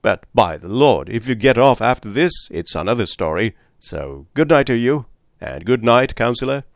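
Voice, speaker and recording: A man voicing a gruff, good-humoured middle-aged police captain who talks in a bluff, bantering way. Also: medium pitch, very animated, moderate pace, no room sound, clean studio sound.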